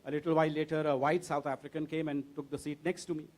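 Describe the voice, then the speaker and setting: A man's voice: a little high, fast. A man, a diplomat and author on a book fair panel, telling dry, humorous anecdotes. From India. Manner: dry, deadpan storyteller.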